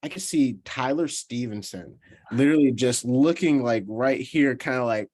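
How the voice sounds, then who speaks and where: A man in his twenties from Georgia in the US, a professional baseball player telling an animated story in a casual interview, laughing and restarting his sentences. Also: mid-range voice, normal speed. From Georgia, USA. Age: 20s.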